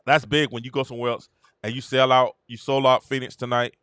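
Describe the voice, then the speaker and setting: A man hosting a casual sports commentary livestream, talking in an animated, slangy and rambling way, often repeating himself. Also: mid-range voice, fairly quick, clear, resonant tone, no room sound, clean studio sound. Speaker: host.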